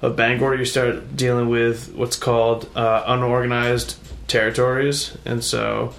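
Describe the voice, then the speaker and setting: An easygoing man from Maine, here as a podcast guest, who explains things at length. His voice is mid-pitched. The studio sounds roomy, with a faint hiss of noise behind him. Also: flat delivery, measured pace, gravelly, a bit bright. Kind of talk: casual podcast chat.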